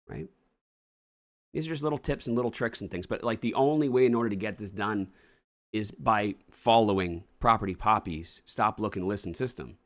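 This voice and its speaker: A man's voice: fairly low pitch, lively intonation, a little fast. A man coaching on real estate investing in casual morning-show talk, blunt and swearing freely as he acts out offers to a seller.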